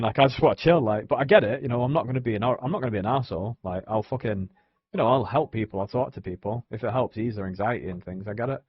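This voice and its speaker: A man's voice: medium pitch, rapid-fire, slightly rough, no echo, muffled recording. A young man, rambling casually on a live stream, swearing often and filling gaps with "you know what I mean". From England.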